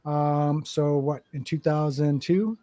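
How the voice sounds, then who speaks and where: A man hosting a podcast, telling a war story in a lively, profane way and acting out the people he quotes. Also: on the high side, slow pace. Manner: animated, profane, acts out quotes. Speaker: podcast host, Marine veteran. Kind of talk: casual storytelling.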